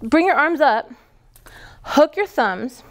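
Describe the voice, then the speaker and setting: Upbeat high-voiced woman leading yoga. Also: expressive, takes it slowly. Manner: upbeat, playful, cue-giving. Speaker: yoga teacher trainer. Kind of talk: live yoga teacher training class.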